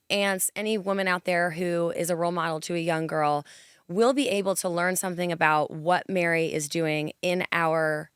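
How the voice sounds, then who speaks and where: A woman's voice: fairly low pitch, smooth, no room sound, clean studio sound. A woman hosting a podcast in casual chat, gushing with enthusiastic praise for her guest. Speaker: podcast host.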